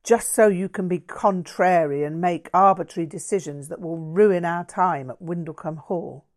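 A woman reading as a petulant young man who accuses and sneers in a raised, higher voice. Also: normal speed, lightly acted. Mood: indignant. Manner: accusing, snappish.

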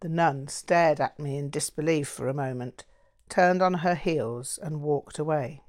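A woman narrates an audiobook in a low voice. Her reading is slow, measured and even.

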